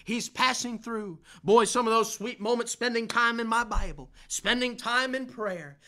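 A man's voice: very high voice, normal speed, pushed and bright. A young man preaching a fervent sermon, building emphasis through repeated phrases. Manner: fervent, repetitive preaching cadence with rising emphasis.

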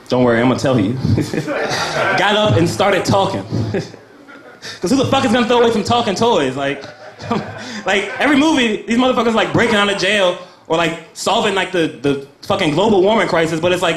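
A young American man working an open-mic stand-up set, his voice sitting high as he rambles from bit to bit. He laughs at his own jokes. His voice carries around an echoey little cafe room. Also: a little hiss or hum. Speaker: stand-up comedian. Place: small cafe comedy night.

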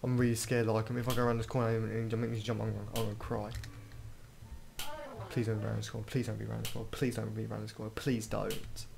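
A man's voice: fairly low pitch, monotone, fast talker, creaky, background noise. A man doing gameplay commentary, jumpy and exclaiming, muttering mild swears. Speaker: gamer.

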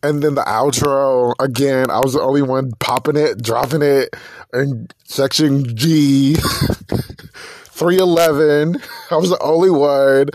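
A man hosting a casual solo podcast, gushing with excitement and swearing freely. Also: medium pitch, unhurried, dry recording. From not from Texas. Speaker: podcast host.

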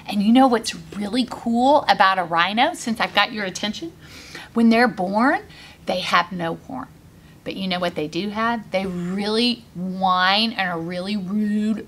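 A woman's voice: medium pitch, moderate pace. A woman author reading her picture book aloud to children, coaxing them to join in with sounds and actions. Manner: animated, coaxing kids to join in.

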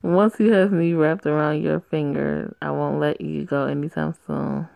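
A woman voicing a calm teenage boyfriend who speaks in a laid-back, reassuring way. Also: low voice, moderate pace, vocal fry, no echo.

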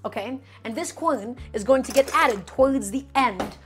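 A woman chats to her viewers while she cooks live in her home kitchen. Her voice sits a little high, and she explains each step casually as she goes. Quiet music plays faintly underneath. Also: moderate pace. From Brooklyn, New York. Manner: chatty, talks to chat as "guys" while cooking. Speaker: cooking streamer. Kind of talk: live cooking stream, chatting with viewers.

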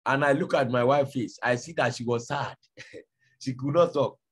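A man's voice: medium pitch, normal speed, slightly rough. A man with a Nigerian accent preaching a sermon, telling stories and acting out conversations. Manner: storytelling, animated, acts out dialogue. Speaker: pastor.

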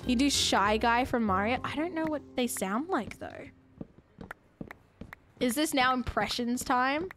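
A woman's voice: high-pitched, lively intonation, unhurried, pauses often, fairly bright tone, soft background music. A woman streaming a game, chatting casually and giggling with her viewers. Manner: chatty, giggly, talking to chat. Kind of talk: casual live-stream chat.

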